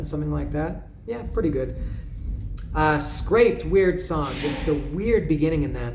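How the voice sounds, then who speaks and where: A man's voice: a little high, slow pace, long pauses, roomy sound, noisy background. A man hosting a casual album review, musing with many hesitations and humming bits of melodies. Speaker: podcast host reviewing an album. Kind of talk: casual solo commentary.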